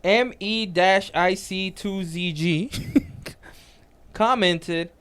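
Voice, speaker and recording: A man co-hosting a casual podcast, telling an animated story and reading comments aloud. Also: sits high, extremely slow, clear, resonant tone. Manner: animated storytelling, reads out comments, laughs a lot. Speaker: podcast co-host.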